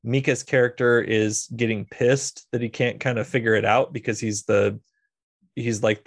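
Man, podcast host, gravelly voice, rambling casual storytelling. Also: medium pitch, fairly even intonation, normal speed, dry recording. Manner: rambling storyteller, many fillers and restarts. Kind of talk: casual film discussion.

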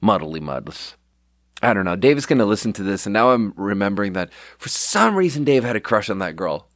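A man's voice: on the low side, very animated, fast, a bit bright, dry recording. A young man telling a rambling, profane, self-deprecating story in a casual podcast monologue, sleep deprived. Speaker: podcast host.

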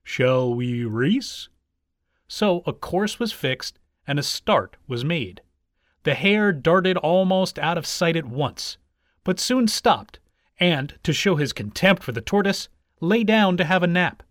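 A man narrating fables aloud in an expressive, animated storybook style. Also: sits high, measured pace, dry recording, studio quality. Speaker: reader.

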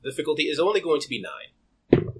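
A man with a husky voice running a tabletop game as game master. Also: on the high side, animated, fairly quick.

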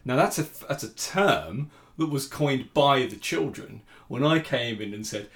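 A man's voice: medium pitch, big pitch swings, unhurried, roomy sound. A father telling a funny anecdote casually, with stammered repeats and frequent laughter. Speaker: father, podcast guest.

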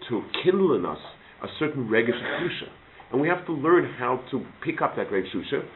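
A man, a rabbi answering student questions in a Q&A lecture, telling stories earnestly and often restarting his sentences. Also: mid-range voice. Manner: earnest, storytelling, many restarts. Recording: tinny lo-fi lecture recording with faint hiss.

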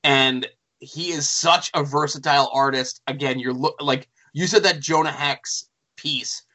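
A man's voice: on the high side, fairly even intonation, unhurried, bright, forceful tone. A man hosting a casual talk, filling in background for listeners with the odd "uh". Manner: explains things for listeners, fillers like "uh". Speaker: podcast host. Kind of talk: casual chat.

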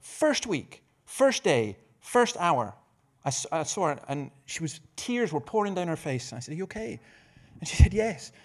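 Middle-aged man, preacher at a conference, higher-pitched, lively storyteller with dry humor who trips over his own words. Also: normal speed. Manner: repeats words while restarting phrases. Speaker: preacher and evangelist. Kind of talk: conference talk on evangelism.

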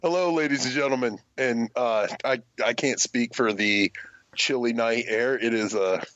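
A man's voice: medium pitch, normal speed, fairly bright tone, no room sound, lo-fi sound. A man from Indiana, a guest on a podcast, trading profane, sardonic jokes in casual commentary banter. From Indiana, USA.

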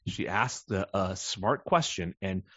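A man co-hosting a podcast in casual chat, animated and swearing freely. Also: sits low, a little slow, breathy edge, no room sound, lo-fi sound. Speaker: podcast co-host.

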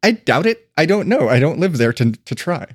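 A man chats wryly on a podcast, with a dry sense of humor. His voice is slightly high and recorded close and dry, with no room sound. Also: big pitch swings, normal speed, breathy edge, no room sound. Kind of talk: casual chat.

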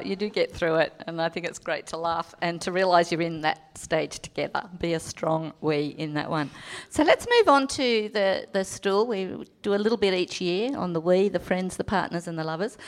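A woman calmly leading a marriage workshop and giving instructions to the groups. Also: mid-range voice. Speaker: marriage counsellor speaker. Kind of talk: workshop talk.

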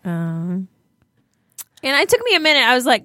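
A woman's voice: on the high side, huge pitch swings, moderate pace, bright, forceful tone, no echo, clean studio sound. A woman co-hosting a podcast who rambles and giggles as she tells stories in casual chat. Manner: giggly, rambling, full of fillers. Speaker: podcast co-host.

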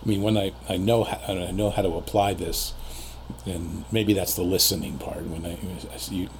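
Deep gravelly man musing halting. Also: fairly even intonation, background noise. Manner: reflective, halting with restarts. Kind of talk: casual conversation.

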